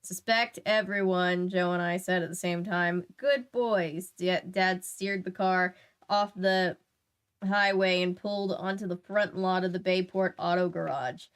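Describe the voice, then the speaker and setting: A woman reading a book aloud in a relaxed way, dropping wry chatty asides. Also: lowish voice, a little slow, clear, resonant tone. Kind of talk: read-aloud with casual asides.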